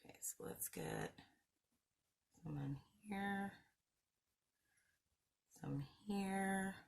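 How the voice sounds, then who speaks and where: A woman's voice: mid-range voice, drawn-out words, gravelly. A woman hosting a craft video, chatting casually, mocking herself and laughing often as she works. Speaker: craft channel host. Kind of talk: casual craft-along chat.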